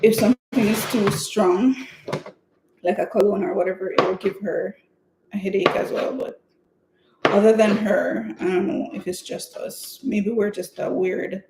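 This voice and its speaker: With vocal fry, a steady tone, a mid-range pitch and normal speed, this home cook vlogger chats casually on a live stream while baking. She tells rambling stories punctuated by laughs, and her kitchen sounds echoey with faint noise.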